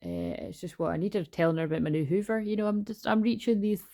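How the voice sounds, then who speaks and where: A woman in her forties talks in a loose, rambling way, swearing now and then. Her voice sits fairly low and carries a gravelly rasp. She chats casually about spiritual matters from her bedroom. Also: wildly swooping pitch, fast, mellow. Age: 40s. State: tearful at moments. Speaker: tarot reader.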